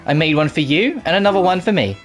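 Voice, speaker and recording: A man's voice: a little high, animated, fast talker, music in the background, voice pushed up, lightly acted. A man reading as a cheerful girl alchemist. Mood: earnest. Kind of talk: reading game dialogue aloud.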